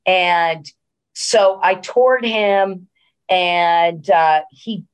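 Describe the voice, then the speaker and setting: A woman's voice: fairly low pitch, very slow, clean tone. A middle-aged woman, a senior living executive, telling a story in a casual interview with many fillers and restarts.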